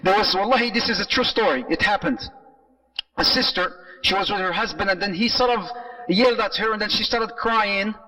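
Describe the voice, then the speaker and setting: High, bright-voiced male lecturer. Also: fairly quick, distant mic, rough recording. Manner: animated storytelling, mixing Arabic phrases into English. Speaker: Islamic lecturer. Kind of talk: sermon-style lecture.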